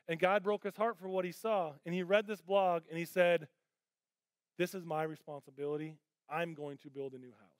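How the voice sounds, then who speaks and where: High-voiced passionate male pastor. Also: no echo. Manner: passionate, conversational, many fillers and restarts. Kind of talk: sermon. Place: church auditorium.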